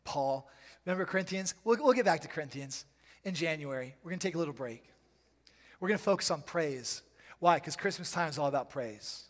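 Guy preaching, voice up high, big echoey church hall, goes loud then quiet, playful slang. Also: expressive. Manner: preaching with sudden loud bursts and dramatic pauses. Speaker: pastor. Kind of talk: charismatic sermon. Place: church sanctuary.

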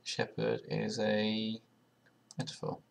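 A young man, a video creator, delivers completely flat, slow, creaky commentary in a low voice while taking an online quiz. He thinks aloud and mutters guesses, swearing often and sarcastically, punctuated by sudden loud outbursts.

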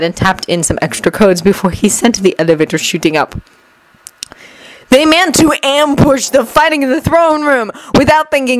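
Expressive woman reading a story aloud. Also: on the high side, poor audio. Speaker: fanfiction reader. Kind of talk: audiobook narration.

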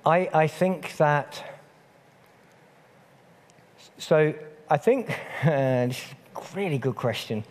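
A man's voice: fairly high pitch, animated, slow pace, pauses often. A man preaching a sermon in a church, earnest and repeating phrases for emphasis. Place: church hall. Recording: long church reverb.

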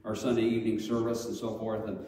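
A middle-aged man telling a personal story as a Sunday school teacher, lively and acting out the voices of others. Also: on the low side, quick pace. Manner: animated, acts out quoted voices loudly. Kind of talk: storytelling sermon. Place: church hall. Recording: echoey hall from far off.

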